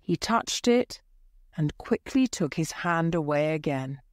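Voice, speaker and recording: A woman narrating a story for English learners in a slow, clear, measured reading. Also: sits low, lively intonation, no room sound, studio quality.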